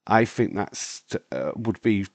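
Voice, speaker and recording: Hoarse man chatting on a stream. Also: lowish voice, lively intonation, takes it slowly, no room sound. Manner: rambling, answers viewer comments, many restarts. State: voice breaking, hoarse. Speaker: wrestling stream host. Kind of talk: casual live-stream chat.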